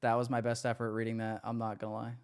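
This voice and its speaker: A man's voice: mid-range voice, fast talker, clear, resonant tone. Hyped-up male livestream host. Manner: excitable, hype banter with chat. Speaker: livestream host running giveaways. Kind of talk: casual livestream chat.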